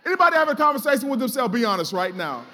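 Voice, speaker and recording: A man's voice: extremely high pitch, sing-song, racing, sharp tone. A man preaching a sermon in a church, exhorting the congregation with call-and-response and casual, colloquial asides. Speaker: pastor. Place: church sanctuary.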